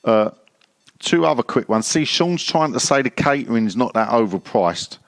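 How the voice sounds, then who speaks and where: A man's voice: mid-range voice, lively intonation, moderate pace, no room sound. A man co-hosting a football podcast, reading out listener questions with blunt, sweary, mocking remarks. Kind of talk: casual football podcast banter.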